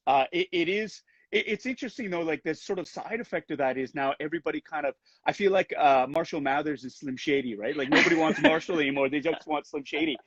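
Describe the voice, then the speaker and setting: Man from Canada, actor guest, slightly high husky voice, earnest and reflective, headset on a dry lo-fi call. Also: fast talker, hardly any pauses, a bit bright, dry recording. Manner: earnest, thoughtful, often restarts sentences. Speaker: actor being interviewed. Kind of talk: casual video-call interview.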